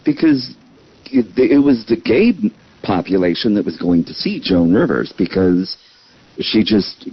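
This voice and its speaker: A man's voice: fairly low pitch, measured pace, husky. A man as a podcast guest in casual chat, telling stories emphatically. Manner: lively, emphatic storyteller. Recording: dull lo-fi sound.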